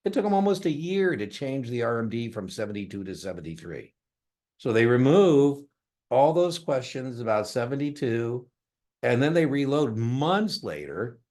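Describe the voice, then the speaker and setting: A middle-aged man, teaching an exam prep class in a jokey, animated way and acting out little dialogues with students. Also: mid-range voice. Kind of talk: lecture class replay.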